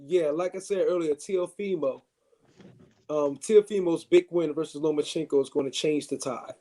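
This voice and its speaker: A man's voice: on the high side, moderate pace, mellow. A man hosting a live stream, chatting loosely about boxing, with many fillers and restarts.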